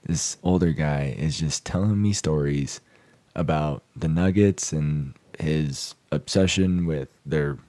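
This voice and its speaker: Excitable low-voiced man telling stories. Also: slow pace, dry recording. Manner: excitable, storytelling, jokey exaggeration. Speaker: podcast co-host. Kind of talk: casual sports podcast chat.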